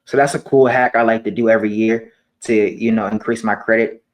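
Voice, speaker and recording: A man in his twenties talking casually to camera about money, relaxed and slangy, often repeating his points. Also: on the low side, brisk, low-quality recording. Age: 20s. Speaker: personal finance vlogger.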